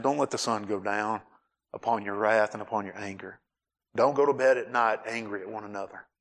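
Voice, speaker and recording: Delivering a sermon about marriage, this male pastor speaks at medium pitch and stays animated, playing out scenes and getting louder to stress his points.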